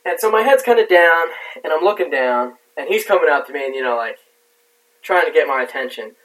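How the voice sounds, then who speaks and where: A man's voice: a little high, lively intonation, brisk, a bit bright. A man telling a war story in casual talk, rambling and swearing with lots of fillers. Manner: profane, rambling with many fillers. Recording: distant mic.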